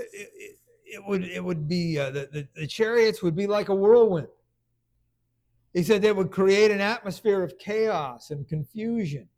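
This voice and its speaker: A man preaching a conversational sermon, stumbling over restarts and then rising into loud bursts of emphasis. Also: sits high.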